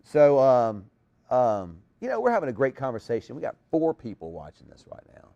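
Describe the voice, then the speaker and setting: A man's voice: medium pitch, huge pitch swings, normal speed, gravelly, warm tone, lo-fi sound. A man hosting a casual live chat show, talking in a rambling way with lots of restarts.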